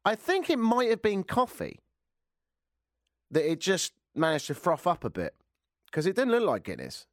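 A man's voice: high-pitched, wildly swooping pitch, normal speed, pauses often, no echo, studio quality. A British man in his forties hosting a radio show, chatting in a rambling, self-mocking way. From Britain. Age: 40s. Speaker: radio host. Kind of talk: casual radio monologue.

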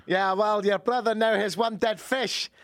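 A man's voice: sits high, steady tone, a little slow, no room sound, voice pushed up. A man voicing a stern middle-aged Scottish mother who scolds her grown child. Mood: scolding. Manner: scolding, exasperated.

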